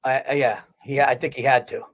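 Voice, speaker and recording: A man, a guest comedian, telling profane, animated stories in casual podcast chat, full of quick restarts. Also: medium pitch, poor audio.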